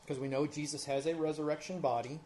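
A man preaching a sermon, earnest and conversational, rising loud when he reads scripture. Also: fairly high pitch, steady tone, fast talker, slight background noise. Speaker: pastor.

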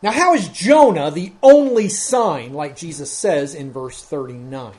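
A man's voice: a little high, lively intonation, measured pace, darkish tone. A man preaching an expository sermon as pastor, working methodically through a Bible passage verse by verse and growing more emphatic as he goes.

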